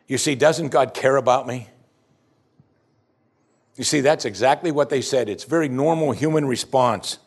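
Male pastor preaching with lively pitch. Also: normal speed, pauses often, husky. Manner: expository preaching with rhetorical questions. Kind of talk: sermon.

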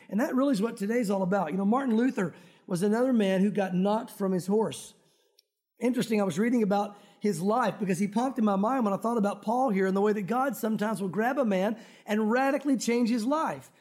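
A man's voice: sits high, quick pace, a little mellow. A male pastor preaching a sermon in church, conversational, with joking asides to the congregation. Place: church sanctuary.

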